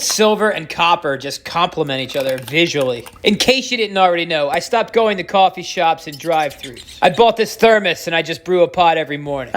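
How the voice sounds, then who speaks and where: A man's voice: high-pitched, sharp tone. A man hosting a casual unboxing vlog, joking dryly at his own expense. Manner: dry self-mocking humor. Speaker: host of a stacking channel.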